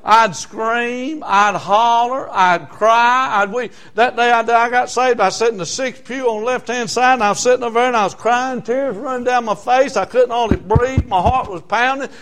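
An older man preaching a sermon, emphatic, swinging between loud exclamations and hushed asides. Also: extremely high pitch, steady tone, fairly quick, few pauses.

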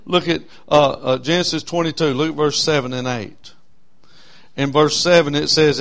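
A man preaching a sermon in a folksy way, swinging between loud stressed words and soft drawn-out phrases. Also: on the high side, steady tone, creaky. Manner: folksy, with frequent uh fillers. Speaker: pastor.

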